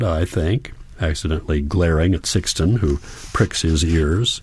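A man narrating a first-person novel as an audiobook, calm, measured and reflective. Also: extremely low pitch, husky, dry recording.

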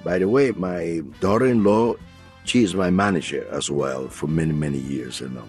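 A man's voice: low voice, moderate pace, darkish tone, faint music behind. An older man, a musician guest in a studio, telling stories animatedly and laughing often.

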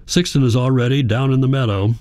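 A man reading a first-person novel aloud, quiet, measured and reflective. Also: mid-range voice, no room sound, studio quality. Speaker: audiobook narrator. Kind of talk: first-person literary narration.

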